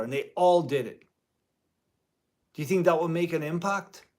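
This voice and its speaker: A man's voice: on the high side, moderate pace, pauses often, darkish tone. A man who teaches music part-time, talking in a rambling vlog commentary with many restarts and mild euphemistic cursing.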